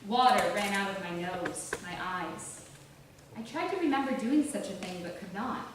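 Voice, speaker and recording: A woman giving a measured, deliberate literary reading of a novel. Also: medium pitch, lively intonation. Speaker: author reading her novel. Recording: roomy, distant, faint hiss.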